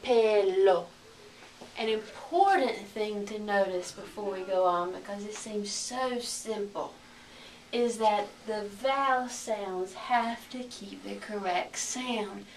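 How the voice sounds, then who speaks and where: Woman teacher, slow and careful, repeats words, sounds a bit far off in a roomy space, faint background hum. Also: medium pitch. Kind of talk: recorded lesson.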